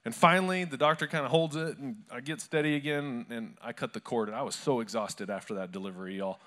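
A man's voice: mid-range voice, fast, a bit bright. A male pastor preaching a sermon to a live church congregation, telling stories in a conversational, humorous way.

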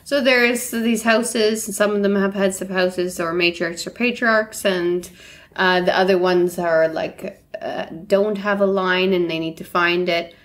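A woman co-hosting a book podcast, summarizing a story in a relaxed, casual way with fillers. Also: mid-range voice, measured pace. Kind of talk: casual chat.

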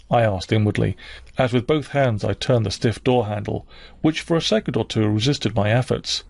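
A man reads a classic novel aloud in a measured, even voice. The sound is dry and close, with no room around it. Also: fairly low pitch, creaky, no echo. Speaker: audiobook reader. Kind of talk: scripted narration of a classic novel.

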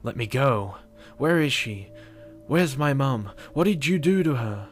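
A man's voice: mid-range voice, expressive, a little slow, soft background music, pitched above the performer's own voice, natural voice. A man voicing a frightened young boy in a storybook reading, screaming and pleading in a raised voice. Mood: panicked screaming.

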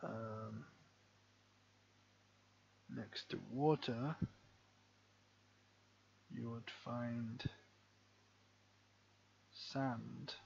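A man's voice: mid-range voice, steady tone, very slow, creaky, pauses often, darkish tone, highs cut off, slight background noise. A young man streaming live, thinking aloud as he plays and muttering words to himself as he reads them. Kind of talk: thinking aloud while playing a live game.

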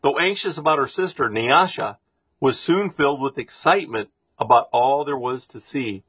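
Man reading a storybook aloud: husky, steady, expressive, dry close recording. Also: mid-range voice, normal speed, dry recording. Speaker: reader.

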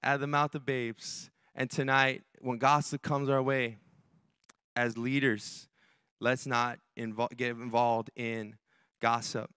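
A man's voice: mid-range voice, little pitch movement, slow pace, sharp tone, smooth, no echo. A male pastor preaching a sermon in a church, emphatic and direct with the congregation, often repeating his key phrases. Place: church sanctuary.

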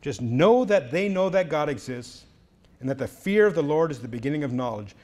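A middle-aged man delivers a preaching lecture to a conference crowd. His voice sits a little high and he drives points home with loud bursts, then drops low. He acts out back-and-forth exchanges as he goes. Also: brisk. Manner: emphatic, rising to loud declarations then dropping low; lively, acts out quoted exchanges. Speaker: conference speaker. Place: conference hall.

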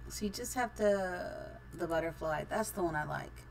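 A woman's voice: on the low side, lively intonation, moderate pace, gravelly, a little hiss or hum. A middle-aged woman casually commenting on her live-streamed building game, chatty and giggly, thinking aloud as she goes.

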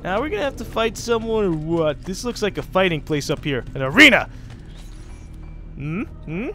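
A young man casually commenting on his gameplay as a let's play host, chatty and sarcastic with excitable outbursts. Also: high-pitched, moderate pace, soft background music.

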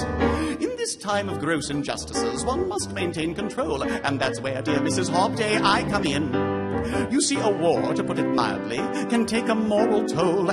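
Brief: a male singer as a pompous preaching parson, high tenor, wide swooping melody. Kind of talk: musical theatre singing. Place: concert stage.

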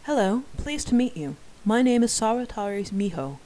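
A shy young office woman, polite and a little flustered, as a reader puts her on. The voice is raised above the narrator's usual pitch in a fan-read story. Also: very animated, normal speed, mellow, close to an everyday voice, rough recording.

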